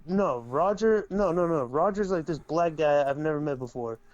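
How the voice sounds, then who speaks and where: A man's voice: a little high, expressive, moderate pace, darkish tone, dry recording, dull audio. A man co-hosting a podcast, rambling and swearing as he retells a story in casual crude chat. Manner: rambling, profane, retells with mimicked quotes. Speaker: podcast co-host.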